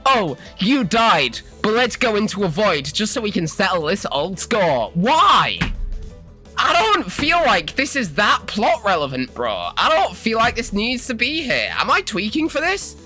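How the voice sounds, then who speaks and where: A streamer giving live gameplay commentary, ranting loudly and swearing at the game. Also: mid-range voice, wildly swooping pitch, unhurried, soft background music. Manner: loud, swearing, exasperated ranting.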